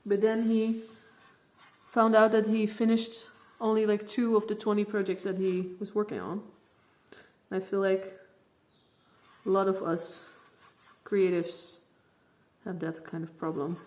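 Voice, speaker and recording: A young Dutch woman, a native Dutch speaker, talks casually through a studio vlog about her painting. Her voice is mellow and soft-edged, and she fills her talk with "like" and small laughs. She sounds slightly out of breath. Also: mid-range voice, level tone, unhurried, long pauses. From Netherlands. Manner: chatty, filler-heavy, laughs often. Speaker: portrait painter.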